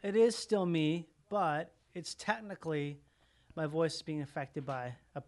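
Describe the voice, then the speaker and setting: A man's voice: a little high, expressive, measured pace. Rambling man hosting a loose chat. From Minnesota. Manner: loose, rambling, swears casually. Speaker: podcast host. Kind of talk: casual remote chat.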